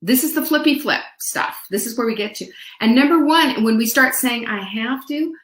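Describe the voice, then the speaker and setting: A woman's voice: a little high, normal speed, a bit bright, roomy sound. A woman hosting a motivational show, talking in a playful, chatty way to her viewers and dropping into sung snippets and mimicked voices. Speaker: host. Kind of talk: upbeat motivational talk.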